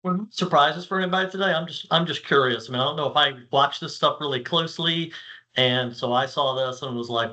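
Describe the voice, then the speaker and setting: A man's voice: medium pitch, fast talker, bright, forceful tone, low-quality recording. A man hosting a casual panel chat, talking with enthusiasm and acting out lines for an imagined assistant. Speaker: host.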